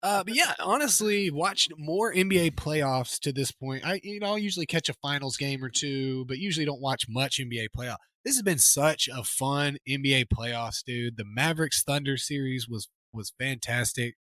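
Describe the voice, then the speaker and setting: A man's voice: medium pitch, moderate pace, few pauses, a bit bright, no room sound. A man co-hosting a sports podcast in casual chat, talking in an emphatic, rambling way with many restarts. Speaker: podcast co-host.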